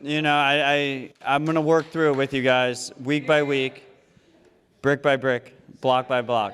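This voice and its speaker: A man's voice: mid-range voice, flat delivery, a little slow, a bit bright. A man on stage making a mock-upset, rambling speech to the crowd, stammering as he goes. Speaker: award recipient.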